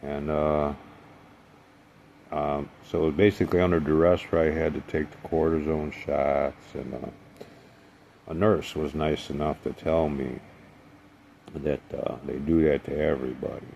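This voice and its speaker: A man with a deep, gravelly voice tells a long personal story, wandering off on tangents and slipping in dry, sardonic jokes. There is a faint hiss under his voice. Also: flat delivery, unhurried, pauses often, a little mellow, muffled recording. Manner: rambling, digressive, sardonic humor. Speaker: vlogger. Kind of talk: casual storytelling monologue.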